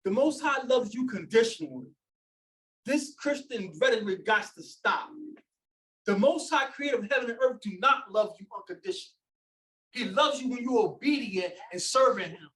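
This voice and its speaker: A man's voice: very high-pitched, expressive, normal speed, a bit bright, low-quality recording. A man preaching and teaching scripture, emphatic and scolding, repeating his points and firing rhetorical questions. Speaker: teacher leading a scripture study. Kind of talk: fiery preaching and Bible teaching.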